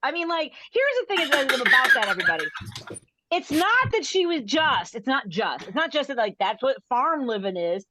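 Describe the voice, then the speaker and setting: A woman's voice: sits high, sing-song, normal speed, pushed and bright, slight background noise. A woman comedian telling a rambling story over a video call, breaking off mid-sentence and laughing at her own jokes. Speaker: stand-up comedian.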